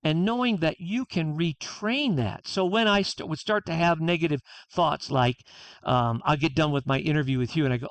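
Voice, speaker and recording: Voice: mid-range voice, normal speed, no echo. A guest author on a podcast interview, talking earnestly and reflectively and acting out inner dialogue.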